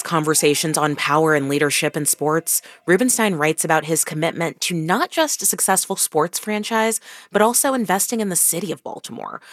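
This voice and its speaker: Woman news anchor, composed and clear, low voice, dry studio sound. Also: no echo. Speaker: radio news host. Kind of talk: news narration and interview.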